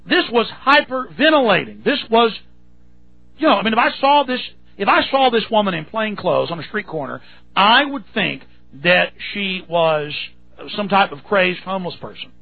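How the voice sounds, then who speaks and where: A man's voice: high voice, big pitch swings, normal speed, gravelly. A man hosting a talk radio show, telling a story in a rambling, indignant way with many restarts. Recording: tinny phone-like radio sound.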